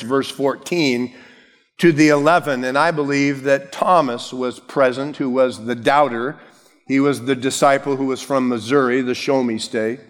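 A man's voice: mid-range voice, in a large hall. A male pastor preaching a sermon, telling Bible stories casually and with humor, acting out the characters. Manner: storytelling, acting out biblical characters with lively voices.

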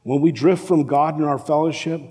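A man preaching a sermon as a pastor, animated and acting out the voices of the people in the story. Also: a little high, moderate pace. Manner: animated, acts out the quoted voices. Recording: long reverb of a large hall.

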